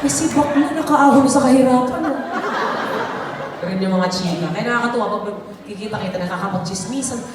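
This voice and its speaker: A woman's voice: a little high, quick pace. A Filipino-accented woman works a concert crowd with brash, bawdy teasing. Her voice carries a slight sickly edge from performing while ill. It is recorded from far off in a big reverberant hall, and a noisy audience fills the room. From Philippines. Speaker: stand-up comedian. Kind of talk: live stand-up comedy, mixing Tagalog and English. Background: audience laughter and hall ambience.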